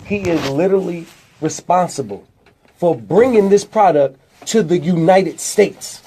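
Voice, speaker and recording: A man speaks with a slightly high, husky, dark voice. He promotes an event like a hype man, stretching out key words for emphasis. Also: lively intonation, a little slow. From South Philadelphia. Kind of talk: radio interview. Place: radio studio.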